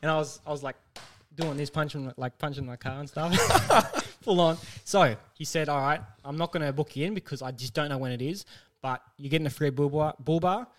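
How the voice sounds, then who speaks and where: A man co-hosting a casual podcast, telling a story with lively acted-out quotes and frequent laughter. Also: on the high side, a little fast, few pauses. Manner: animated storyteller, acts out quotes, laughs often. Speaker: podcast co-host.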